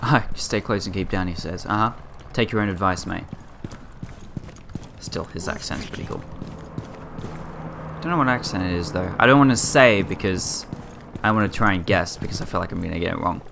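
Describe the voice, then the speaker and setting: A man with a low-pitched voice talks casually over his gameplay. He mutters to himself and reacts with exclamations. Gunfire from the game plays clearly behind him. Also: moderate pace, long pauses, noisy background. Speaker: gamer. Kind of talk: casual let's play commentary.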